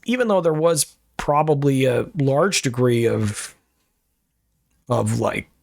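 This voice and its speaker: A man's voice: medium pitch, slow, vocal fry, darkish tone, no room sound, studio quality. A middle-aged man hosting a podcast, telling a personal story in a rambling, reflective way that keeps correcting itself. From Rochester, New York area. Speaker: podcast host.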